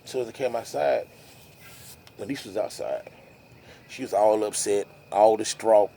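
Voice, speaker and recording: A man's voice: on the low side, moderate pace, vocal fry, mellow, husky. A man vlogging to camera, telling a rambling story in a casual, musing way with frequent restarts.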